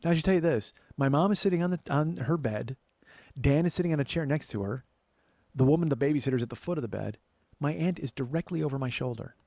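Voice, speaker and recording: A man, a comedian and podcast host, telling a story in an animated, exasperated way with profane asides. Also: fairly high pitch, fast, no room sound. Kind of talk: comic storytelling.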